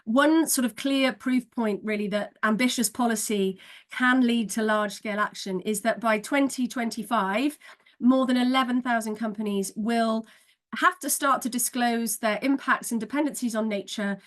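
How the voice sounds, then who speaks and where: A woman communications director presenting findings on a webinar, earnest and steady with occasional fillers. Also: a little high, normal speed.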